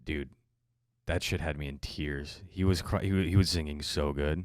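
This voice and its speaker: A man's voice: rumbling low, fairly even intonation, normal speed, no room sound, clean studio sound. A young man co-hosting a casual podcast, enthusiastic and swearing freely. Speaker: podcast co-host. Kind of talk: casual chat.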